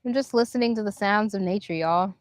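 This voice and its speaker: A woman hosting a casual spiritual livestream outdoors, musing softly and guiding slow breathing. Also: medium pitch, no room sound, clean studio sound. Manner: meandering, soft and reflective, guides slow breathing. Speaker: livestream host. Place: outdoors near a park.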